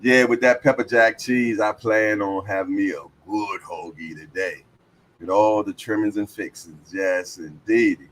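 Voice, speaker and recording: A man's voice: lowish voice, steady tone, a little slow, a bit bright, slight background noise. Laid-back slangy livestream host, man. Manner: laid-back, talkative, slangy, reads chat aloud. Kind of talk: casual livestream chat.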